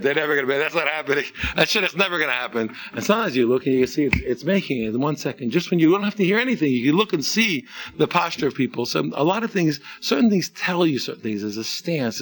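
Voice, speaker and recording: A man teaching a religious talk in a casual, animated way, full of restarts and rhetorical questions. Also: a little high. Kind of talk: informal Torah talk.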